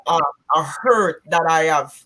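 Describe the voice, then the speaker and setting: A woman, a guest giving a candid personal testimony in a church couch conversation, halting and emotional. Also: sits low. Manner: halting, emotional, re-enacts quoted speech loudly.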